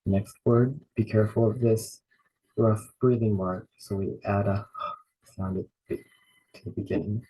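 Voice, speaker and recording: A man teaching an online beginners' lesson in biblical Greek, slowly drilling each word by repeating it several times. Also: lowish voice, fairly even intonation, mellow, breathy edge, rough recording.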